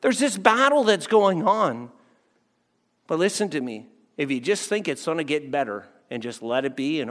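A male pastor preaching in a loose, conversational way, repeating himself and checking in with the crowd. His voice sits high for a man. A long reverb trails each phrase around the hall. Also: sing-song, normal speed, a bit bright. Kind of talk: sermon.

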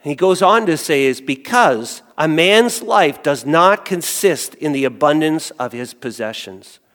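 A man preaching a sermon, swinging from hushed lines to loud exclamations. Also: a little high, expressive, a little slow, long reverb tail. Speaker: pastor.

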